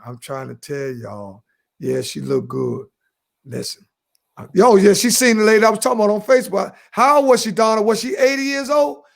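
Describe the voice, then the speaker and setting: A man in his fifties with a high, gravelly voice, co-hosting a casual podcast. He spins stories with lots of energy, swears freely and breaks into laughter. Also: moderate pace. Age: 50s. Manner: animated storyteller, swearing and laughing. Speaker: podcast co-host. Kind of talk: casual chat.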